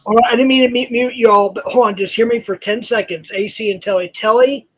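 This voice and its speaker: A stream host trying to moderate a livestream panel with a husky voice. The host stammers and sounds flustered, pleading with the guests to be polite and let each other speak. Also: medium pitch, steady tone, brisk, rough recording.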